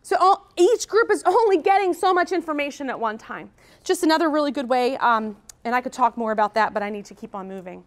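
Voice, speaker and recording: A woman presenting a conference workshop to teachers in an energetic, chatty way, often checking in with "okay?". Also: sits high, fairly quick. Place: conference room.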